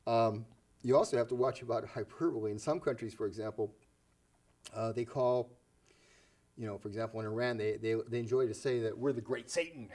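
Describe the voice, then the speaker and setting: Mellow-voiced man hosting. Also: mid-range voice, a little fast. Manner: chatty, laughs often, asks questions. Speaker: host. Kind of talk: casual educational discussion.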